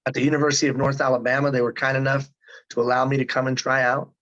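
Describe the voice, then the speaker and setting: A man's voice: mid-range voice, flat delivery, racing, fairly bright tone. Man in his fifties, dull audio. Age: 50s. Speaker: guest. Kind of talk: casual interview talk.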